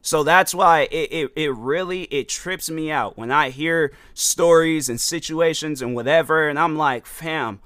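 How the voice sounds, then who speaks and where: A man's voice: fairly high pitch, a little slow, hardly any pauses, a bit bright, dry recording, clean studio sound. A man hosting a casual monologue, telling stories with lots of slang and fillers, acting out both sides of conversations. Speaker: podcast host.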